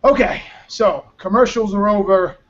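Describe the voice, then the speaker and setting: An exhausted man hosting a live talk show, his voice pitched fairly high for a man. He rambles and talks bluntly, swearing now and then. The sound is muffled and lo-fi. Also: moderate pace, a bit bright, a little hiss or hum. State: exhausted from little sleep. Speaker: show host. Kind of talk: casual live-show chat. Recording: muffled lo-fi audio.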